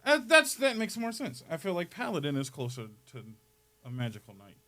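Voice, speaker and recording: A man's voice: sits high, huge pitch swings, fairly quick, pushed and bright, pitched above the performer's own voice, heavily acted. A man doing a chirpy Bob Ross-style painter host. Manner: playful, laughs often, mock-soothing painter patter. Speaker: podcast host. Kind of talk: comedic Bob Ross impression.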